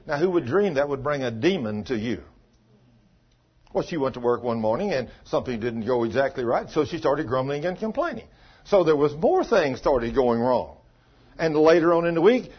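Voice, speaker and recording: A man's voice: on the high side, breathy edge, muffled recording. A man preaching a sermon, telling stories and acting out the voices of the people in them. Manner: folksy storytelling preacher, acts out dialogue. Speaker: pastor. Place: small church.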